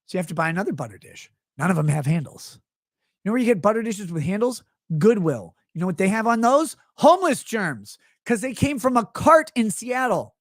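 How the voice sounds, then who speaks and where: A man's voice: sits high, expressive, fairly quick, dry recording, clean studio sound. A man hosting a livestream, ranting about everyday gripes with profanity and sarcasm, and reading chat messages aloud. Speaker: livestream host.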